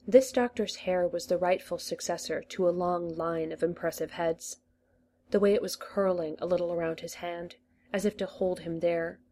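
A woman reading a story aloud, in a measured storytelling manner. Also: lowish voice, steady tone, dark tone, a little hiss or hum. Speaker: reader. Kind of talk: reading fan fiction aloud.

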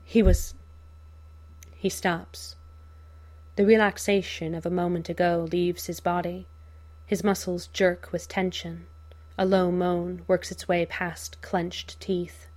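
A woman narrating a fan fiction audiobook in a measured, unhurried storytelling manner. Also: fairly low pitch, flat delivery, darkish tone.

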